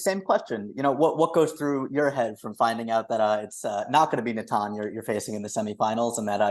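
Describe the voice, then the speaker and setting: Fast-talking polite reporter man. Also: medium pitch, a little mellow. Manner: polite, hesitant fillers. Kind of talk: press question.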